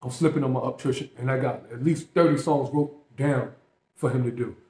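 A man's voice: mid-range voice, fairly even intonation, moderate pace, warm tone. A man hosting a reaction video, talking casually and emphatically to viewers with plenty of slang. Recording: echoey room.

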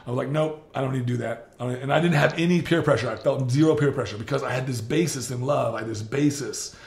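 A middle-aged man hosting a podcast, talking earnestly in a halting way with many restarts and laughs. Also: mid-range voice, a little mellow, reverberant. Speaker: podcast host. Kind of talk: casual interview chat.

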